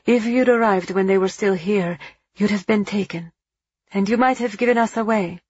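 A woman's voice: medium pitch, normal speed, a little mellow, breathy edge, dry recording, dull audio, voice pushed up, close to an everyday voice. A woman voicing an urgent, determined young woman in a storybook reading, who speaks commandingly. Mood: firm.

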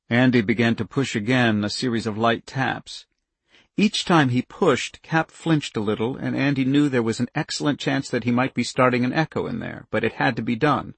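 A man narrating a novel in a gravelly, slightly husky mid-range voice. His reading is measured and even, and he drops low and soft for a character's thoughts. The sound is dry and close. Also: no room sound. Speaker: audiobook narrator. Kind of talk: scripted narration.

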